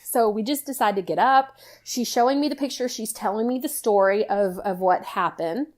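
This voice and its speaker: A middle-aged woman with a drawl recounts a personal story in a loose, chatty way. Her voice sits a little high, and she sprinkles "you know" through nearly every sentence as she retells it with lively feeling. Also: normal speed. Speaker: guest storyteller, mother.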